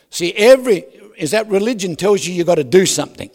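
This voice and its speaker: A male pastor preaching a lively sermon, asking the congregation questions and swinging from loud to soft. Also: high voice, fast. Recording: reverberant hall.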